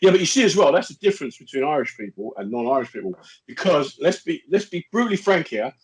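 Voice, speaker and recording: Man comedian chatting on a podcast, voice jumps all over, slightly higher than most guys, does little voices when he tells a story. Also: fast, rough recording. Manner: animated storyteller, acts out voices in quotes. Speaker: co-host, comedian. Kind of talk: casual comedic chat.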